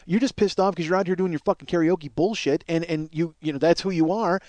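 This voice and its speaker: Profane storytelling man, fairly high voice. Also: fast talker, no room sound. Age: middle-aged. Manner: animated, profane, acts out quotes. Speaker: podcast host. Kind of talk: storytelling monologue.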